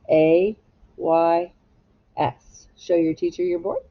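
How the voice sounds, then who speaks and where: A woman teacher giving a slow, patient phonics lesson to young children, spelling words out letter by letter. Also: on the low side. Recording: dull lo-fi home video sound.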